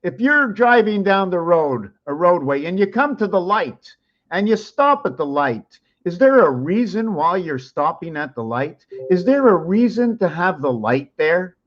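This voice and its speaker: A man's voice: high voice, sing-song, measured pace, fairly bright tone. A man hosting his own channel who explains things while drawing, thinking aloud in a wandering way and repeating words. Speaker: channel host. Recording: dull lo-fi sound.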